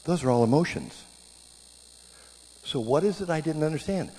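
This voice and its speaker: A middle-aged man preaching a sermon, telling stories in a lively way and jumping up in pitch when he acts out scenes. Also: normal speed, pauses often. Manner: animated storytelling, voice jumping up in reenactments. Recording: hall reverb with faint background hum.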